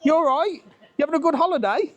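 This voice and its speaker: A man's voice: very high-pitched, animated, fast, highs cut off. A man, chatting cheekily with passers-by as he walks through an outdoor market and marina for his travel vlog. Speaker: travel vlogger. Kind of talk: casual walking vlog.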